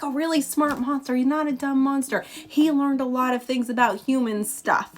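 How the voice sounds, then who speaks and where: A woman's voice: high voice, fairly even intonation, moderate pace, hardly any pauses, soft background music. A young adult woman telling a story as a comedic casual retelling, chatty and sarcastic, full of filler words. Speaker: comedic book summarizer.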